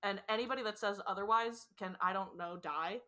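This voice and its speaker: A young woman co-hosting a podcast in casual chat, loud and gushing, swearing often and cackling. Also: medium pitch, brisk. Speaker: podcast co-host.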